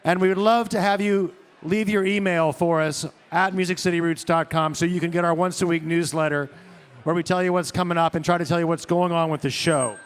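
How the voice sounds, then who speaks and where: A man on a live concert stage giving enthusiastic wrap-up announcements in a fairly high voice. He sounds eager and promotional, urging listeners to follow the show. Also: fairly even intonation, fairly quick, clean tone. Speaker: show interviewer.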